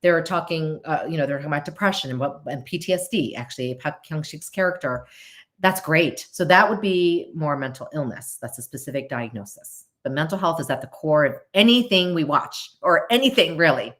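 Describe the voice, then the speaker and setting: A woman's voice: deep voice, animated, fairly quick, a bit bright. A middle-aged woman hosting a podcast, chatting casually and answering viewer questions, often breaking off her sentences and laughing. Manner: chatty, self-interrupting, laughs easily. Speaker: podcast host.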